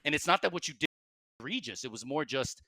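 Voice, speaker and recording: Man, podcast guest. Direct and emphatic, bright tone. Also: fairly high pitch, lively intonation, fast, dry recording. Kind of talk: casual podcast chat.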